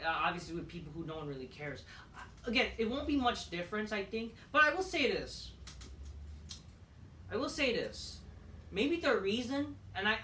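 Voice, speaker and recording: A woman who vlogs wrestling commentary rants at home, rambling, repeating herself, swearing, and restarting sentences. Her voice is on the low side and a bit bright. She's distant from the mic, with roomy echo and faint noise.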